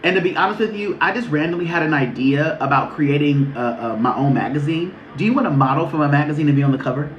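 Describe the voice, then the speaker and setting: A man doing a casual spiritual reading on a livestream, talking in a sassy, profane, animated way. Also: on the high side, fast talker, hardly any pauses, dull audio, slight background noise. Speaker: spiritual reader. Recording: echoey room.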